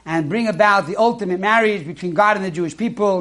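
A man's voice: sits high, quick pace. A man giving a sermon, telling a story and acting out the people in it. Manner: acts out characters in a story, animated. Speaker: rabbi.

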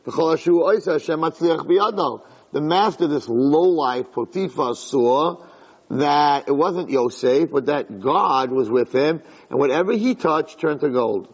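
A man giving an animated Torah class, acting out quoted lines with big swings in his voice. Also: unhurried, husky. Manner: animated, acts out quotes with big pitch jumps. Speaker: Torah lecturer. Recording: long hall reverb.

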